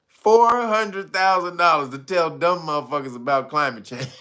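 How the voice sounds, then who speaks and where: A man's voice: on the high side, bright, forceful tone. A man hosting his own channel, giving mocking comedic commentary, laughing often and swearing freely. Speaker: channel host.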